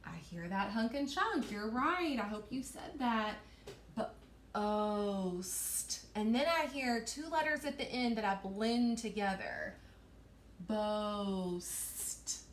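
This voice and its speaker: A woman teacher leads a recorded phonics lesson for young children, stretching out each sound in a slow, sing-song way. Her voice sits a little high. The room around her is echoey, with a faint hum in the background. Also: animated.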